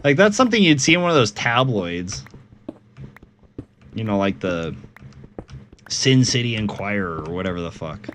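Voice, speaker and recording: A young man rambles to his stream chat while gaming, amused and profane, breaking into laughs at his own tangents. His voice sits on the low side, with a faint hum of room ambience behind him. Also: a bit bright.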